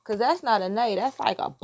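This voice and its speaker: A woman's voice: mid-range voice, vocal fry, a little mellow, husky. A woman chatting casually to her viewers about a tarot deck. She rambles, laughs often and breaks off to talk to her child. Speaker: tarot vlogger. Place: outdoors. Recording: noisy outdoor recording.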